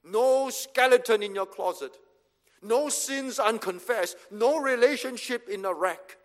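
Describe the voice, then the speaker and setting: A man's voice: very high-pitched, a little slow. A man preaching a sermon as pastor, driving points home with short repeated commands. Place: church hall. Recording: reverberant hall.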